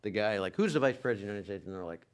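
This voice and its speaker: A man co-hosting a podcast in casual chat, talking in a rambling, halting way with many restarts. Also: lowish voice, expressive. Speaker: podcast co-host.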